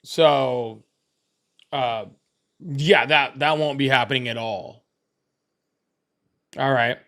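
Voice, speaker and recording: A man's voice: medium pitch, slow pace, vocal fry, bright, forceful tone. A man hosting a casual livestream, rambling, repeating himself and laughing often. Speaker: livestream host.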